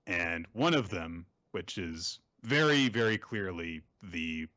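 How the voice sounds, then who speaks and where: A deep-voiced man hosts a casual manga recap, bright and forceful in tone. His recording is dry and a little muffled. He acts out snippets of the characters' dialogue as he retells each scene. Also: lively intonation, takes it slowly, no echo. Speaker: podcast host.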